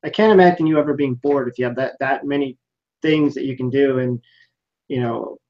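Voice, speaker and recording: A man hosting a casual interview over a video call, speaking haltingly and repeating his words. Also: medium pitch. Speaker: host. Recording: dull lo-fi video call audio.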